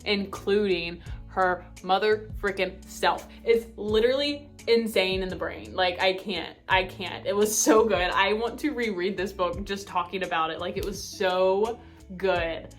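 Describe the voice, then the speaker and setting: A woman's voice: medium pitch, measured pace, soft background music. Bubbly young woman gushing over books. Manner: bubbly, gushing, full of fillers; speeds up when excited. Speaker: book vlogger. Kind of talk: casual chat.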